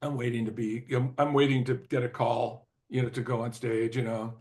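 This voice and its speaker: An older man, a former record executive, telling stories as an interview guest in a loose, rambling way, with lots of "you know" and throat clearing. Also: mid-range voice, flat delivery, fairly quick, a little mellow. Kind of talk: casual anecdotal storytelling.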